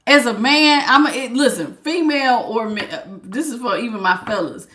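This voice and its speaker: Animated, laughing woman tarot reader. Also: fairly high pitch, moderate pace, reverberant. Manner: animated, laughing, slangy and blunt. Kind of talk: casual spiritual reading.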